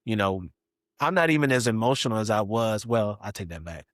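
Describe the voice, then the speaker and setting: Low-voiced man, animated storyteller. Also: brisk, no room sound, studio quality. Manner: animated, acts out other people's voices with big pitch jumps. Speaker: podcast guest. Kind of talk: candid personal storytelling.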